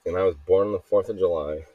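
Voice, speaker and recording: Low, hoarse man rambling in a dry room. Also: fairly even intonation, brisk, no room sound, lo-fi sound. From Arizona. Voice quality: slightly hoarse from yelling. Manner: rambling, restless, jokey, many restarts. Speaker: podcast host. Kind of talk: rambling solo voice memo.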